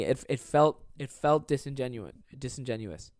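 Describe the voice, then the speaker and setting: A man's voice: medium pitch, moderate pace, darkish tone, clear, resonant tone, dry recording. Young male comic hosting solo podcast; rambling, swears constantly, self-deprecating; dry close sound. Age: 20s. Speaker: podcast host and stand-up comedian. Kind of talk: casual solo podcast monologue.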